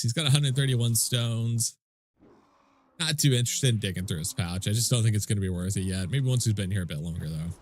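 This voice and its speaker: A man with a medium-pitched, stuffy-nosed voice commentates his game stream casually. He chats with viewers in a laid-back way and swears freely.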